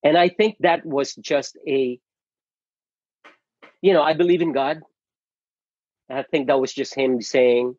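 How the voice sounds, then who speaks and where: Guest actor, middle-aged man from the Philippines, husky and earnest, muffled call audio. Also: fairly high pitch, a little slow, long pauses, dry recording. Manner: earnest and emotional, with many restarts and repeated words. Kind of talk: casual interview storytelling.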